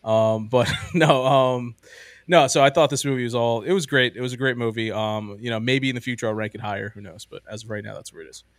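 Rambling, excited man in dry sound. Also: mid-range voice, brisk, dry recording. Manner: enthusiastic, rambling, heavy use of "like" and "um". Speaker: podcast host. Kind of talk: casual movie-ranking chat.

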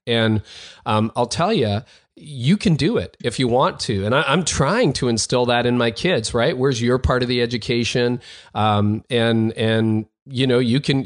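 A man in his forties hosting an interview, asking long, winding questions in a friendly way. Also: medium pitch. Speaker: podcast host. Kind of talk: interview conversation.

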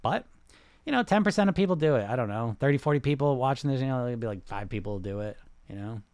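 A man hosting a casual livestream about weight loss, answering viewer comments in an animated, repetitive, salesy way. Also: mid-range voice, quick pace, smooth, no echo.

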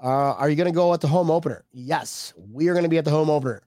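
A man's voice: a little high, racing, warm tone, dry recording, studio quality. A man co-hosting a casual sports chat show, joking and laughing often as he reads viewer comments. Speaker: podcast co-host.

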